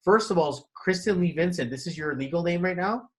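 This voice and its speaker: A man giving a casual one-on-one numerology reading, animated and quick to laugh. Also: high voice, rough recording. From Canada. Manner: animated, laughs often, acts out inner voices. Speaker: numerology consultant.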